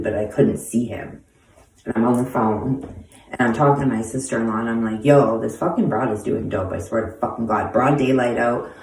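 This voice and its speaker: A woman's voice: a bass voice, a little mellow. A woman in her forties speaks bluntly, swearing constantly and using street slang as she tells stories from her own life. She sits some way back from the microphone, so her voice sounds distant. The room around her is echoey. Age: 40s. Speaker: host answering viewer questions. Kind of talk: casual storytelling monologue. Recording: echoey room, voice far from mic.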